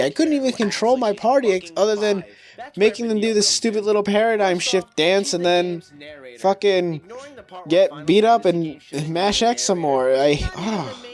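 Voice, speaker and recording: Young guy, slightly high voice, animated profane rant over gameplay commentary. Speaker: commentator on his own video review. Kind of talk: casual commentary.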